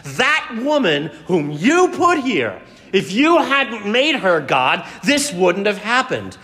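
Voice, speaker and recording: A meek first man played by a preacher, soft and plaintive, speaking lower and quieter than his storyteller. A long reverb trails behind, as in a large church. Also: lively intonation, normal speed. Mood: whining. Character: first man, meek then whining and blaming.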